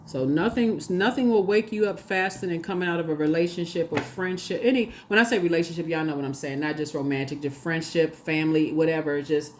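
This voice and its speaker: Low-voiced chatty woman reading tarot. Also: fairly quick, hardly any pauses, slight background noise. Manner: chatty and animated, laughs often, repeats phrases; addresses viewers directly and casually. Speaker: tarot reader. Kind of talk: casual tarot reading to camera.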